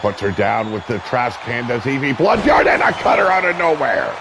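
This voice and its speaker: A man calling a wrestling match as play-by-play commentator, brash and profane, shouting at the big moves. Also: mid-range voice, animated, normal speed, background noise.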